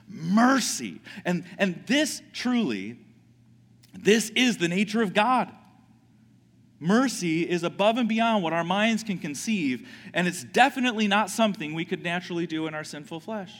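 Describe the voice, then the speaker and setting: A man's voice: sits high, sing-song, moderate pace, fairly bright tone. A man preaching a sermon as a pastor, conversational, with frequent restarts and questions to the congregation. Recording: reverberant hall.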